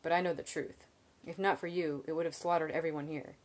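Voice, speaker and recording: A calm, measured innkeeper, middle-aged and steady, as a woman reads him aloud. He speaks quietly and seriously in a low voice, unhurried and plain. It sounds like a storybook read aloud. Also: close to an everyday voice. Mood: earnest.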